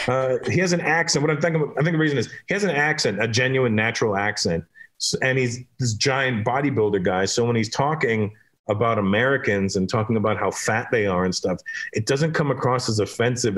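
A comedian from Canada chats as a podcast guest, telling lively stories. He acts out each exchange, switching between his own lines and other people's. His voice sits at an ordinary middle pitch for a man. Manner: animated, acting out dialogue in his stories. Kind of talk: casual chat and storytelling.

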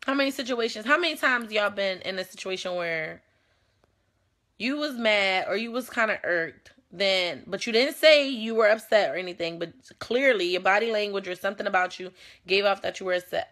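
A woman's voice: medium pitch, fairly bright tone. A young woman hosting a casual talk show, talking bluntly and animatedly, with plenty of swearing and a confrontational edge.

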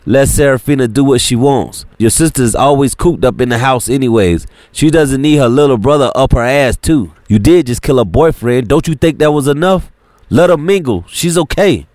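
A man voicing a calm, unbothered crew leader who gives orders in an easy, low-key way. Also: normal speed, no echo, natural voice. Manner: calm, laid-back, commanding.

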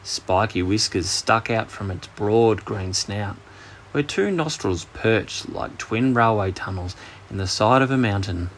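A man with an Australian accent narrating a children's bedtime story with expressive storytelling. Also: on the low side, a little slow, a little hiss or hum.

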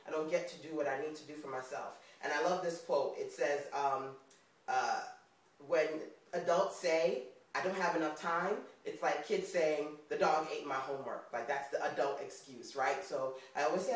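A woman with a New York accent talking casually to camera in a motivational vlog, chatty and expressive and often laughing. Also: sits low, normal speed, recorded from a distance. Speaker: vlogger. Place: indoors on camera. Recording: very echoey room, off mic.

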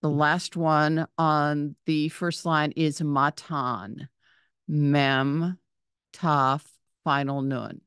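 A woman's voice: sits low, steady tone, very slow, a bit bright, smooth, no echo, studio quality. A woman giving a patient reading lesson, saying each word, spelling out its letters and vowel sounds, then repeating it. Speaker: Hebrew reading teacher.

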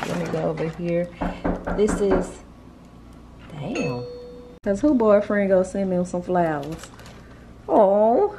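A woman's voice: medium pitch, expressive, a little slow, pauses often, background noise. A woman, chatting casually and gushing to viewers as she unboxes gifts for her vlog, filmed on a handheld camera. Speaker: vlogger.

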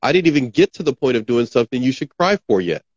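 A man's voice: medium pitch, very animated, quick pace, a little mellow, dry recording, lo-fi sound. A man hosting an interview podcast, probing his guest and summing up what he hears. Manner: probing, restates and sums up the guest's words. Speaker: podcast host. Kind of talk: interview conversation.

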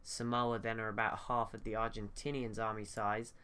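Smooth-voiced man musing over a strategy game. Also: fairly low pitch, flat delivery, moderate pace, bright, forceful tone. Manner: thinking aloud, hesitant with restarts. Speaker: gaming YouTuber. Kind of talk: casual gameplay commentary.

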